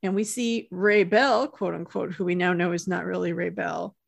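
A woman's voice: on the low side, fairly even intonation, moderate pace, gravelly, no echo. A woman co-hosting a podcast, casually retelling a TV episode and often laughing. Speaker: podcast co-host recapping a TV episode. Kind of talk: casual chat.

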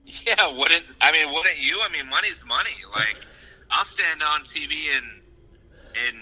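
A man's voice: on the high side, expressive, unhurried, pushed and bright, husky, low-quality recording. A young man, a regular on the show, bantering casually in a jokey, playfully defensive way.

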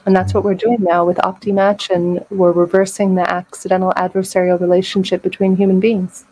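A woman's voice: medium pitch, level tone, fairly quick, dark tone, poor audio. A middle-aged woman, a podcast guest, telling a candid personal story with drama, acting out the voices of people she quotes and laughing often.

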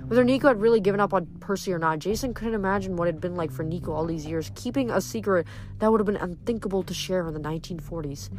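Brief: woman narrator reading a book, fairly low voice, steady and reflective, soft music under her. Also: fast talker. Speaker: book reader. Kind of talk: reading a novel aloud.

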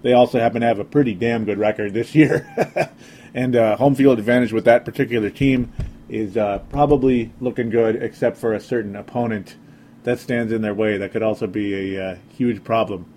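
Minnesota guy rambling on his sports podcast, kinda sarcastic, mellow dark voice. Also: fairly low pitch, steady tone, a little fast, slight background noise. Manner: rambling, sarcastic, frequent fillers. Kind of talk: casual sports podcast monologue.

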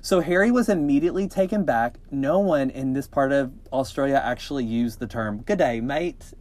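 A male podcast co-host reads creepy encounter stories in a mid-pitched, everyday voice. He keeps stepping out of the text for cheeky, joking asides, and his reading stays lively and casual. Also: brisk, noisy background. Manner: jokey, animated, breaks into laughter and cheeky asides.

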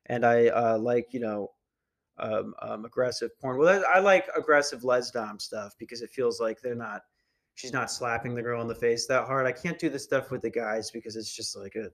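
A man's voice: mid-range voice, a bit bright. A young man hosting a podcast, ranting casually in a crude, meandering and sarcastic way. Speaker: podcast host. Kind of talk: casual rant.

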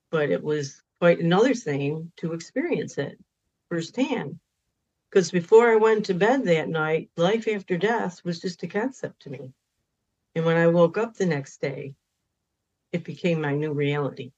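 A woman's voice: lowish voice, darkish tone. A woman, a spiritual counselor, earnestly telling a personal story as a podcast guest, at times emphatic. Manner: earnest, emphatic in moments of feeling. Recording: dull lo-fi recording.

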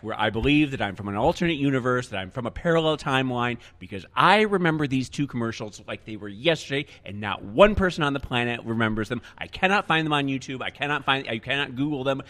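A man's voice: medium pitch, expressive, fast, hardly any pauses, sharp tone, long reverb tail. A man co-hosting a casual chat, playful, acting out voices as he retells things.

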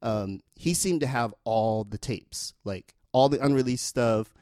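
A man in his forties telling a long casual anecdote in a relaxed, rambling way, with lots of fillers. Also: medium pitch, measured pace, no room sound, clean studio sound. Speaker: storyteller.

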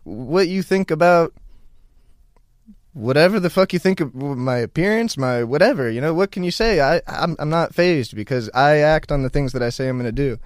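A man's voice: on the high side, animated, normal speed, dry recording, studio quality. Laid-back swearing man giving advice. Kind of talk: casual podcast chat.

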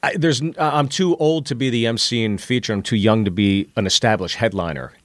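A man talking as a guest comedian in a casual chat, telling his story with thoughtful pauses. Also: medium pitch, a bit bright, dry recording, clean studio sound.

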